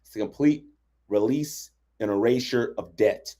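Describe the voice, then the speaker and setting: On a livestream about relationship boundaries, a coach talks in a warm, fairly low voice at a measured pace. His style is chatty, and he frequently tosses in "right?" to check that people are following.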